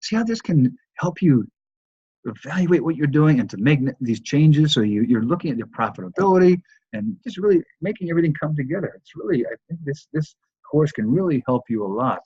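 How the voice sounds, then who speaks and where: Guy giving a course lecture, husky voice, kinda dull lo-fi sound, keeps restarting his sentences. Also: fairly high pitch, sing-song, a little fast, mellow, no echo. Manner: loose, repetitive delivery with frequent restarts. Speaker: course instructor.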